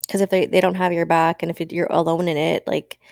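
A woman's voice: fairly low pitch, little pitch movement, quick pace, vocal fry, a little mellow, no echo, studio quality. A woman hosting a podcast, chatting casually, reacting openly and swearing freely. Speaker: podcast host. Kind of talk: casual conversation.

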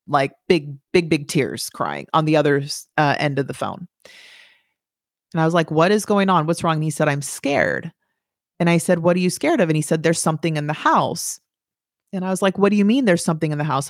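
Young woman podcaster, candid and blunt, swears a lot, lowish voice, dry sound. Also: no room sound. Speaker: podcast host. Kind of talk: personal storytelling.

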